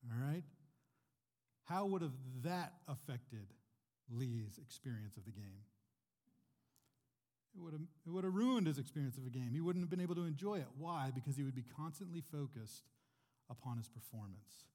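A male pastor preaching in a relaxed, conversational way, putting rhetorical questions to his congregation. His voice is warm and mellow, at an ordinary pitch. It rings with the long reverb of a church hall. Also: normal speed, long pauses. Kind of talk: sermon.

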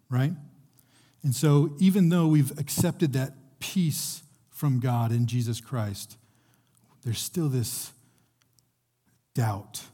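A man's voice: mid-range voice, dark tone, slightly rough. A young man preaching a sermon in a conversational way, restarting phrases as he goes. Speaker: pastor.

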